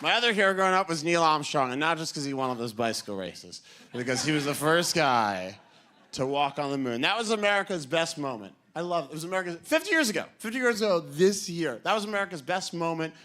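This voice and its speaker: Quick-paced and a little high-voiced, this young comic works a club stage, animatedly telling stories and playing characters. The audience laughs along in the background.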